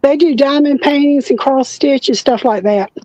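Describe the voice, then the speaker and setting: A woman in her sixties in a casual live-stream chat, talking haltingly and restarting often. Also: high voice, warm tone, no echo. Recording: dull, lo-fi sound.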